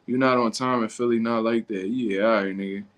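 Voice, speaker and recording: A man's voice: on the low side, fairly even intonation, brisk. A man hosting a casual livestream who reacts to viewer comments in blunt, slangy, profane talk. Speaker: livestream host.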